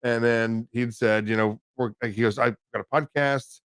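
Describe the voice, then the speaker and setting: Podcast co-host dude, cusses constantly, rambles through stories, mid voice, dry room. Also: male voice, medium pitch, fairly even intonation, normal speed, a bit bright, smooth, no echo. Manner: profane, rambling storyteller. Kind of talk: casual podcast chat.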